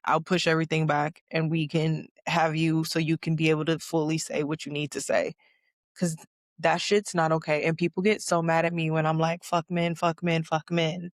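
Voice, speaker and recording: A woman's voice: low-pitched, level tone, a little fast, no room sound, studio quality. A woman hosting a casual chat, emphatic and outspoken, profane, repeating words for stress. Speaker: podcast host.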